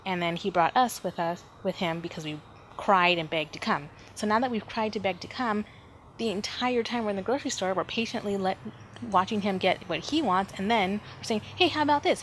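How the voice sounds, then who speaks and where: Animated woman telling a story. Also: mid-range voice, slight background noise. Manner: animated, emphatic, frequent sighs and fillers. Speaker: podcast host. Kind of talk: personal storytelling monologue.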